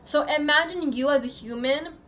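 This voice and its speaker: A woman's voice: high voice, normal speed, fairly bright tone, a little hiss or hum. A woman from the USA telling a personal story in a casual vlog, rambling and chatty, full of fillers. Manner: chatty, rambling, heavy use of filler 'like'. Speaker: vlogger.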